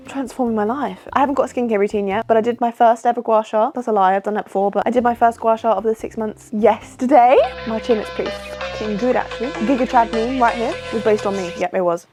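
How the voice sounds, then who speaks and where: Young British vlogger, tired and chatty, pokes fun at herself, higher voice over light music. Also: female voice, fast talker, few pauses, darkish tone. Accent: British English. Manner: chatty, self-mocking, jumps between topics. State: tired from little sleep. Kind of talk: casual vlog chat to camera.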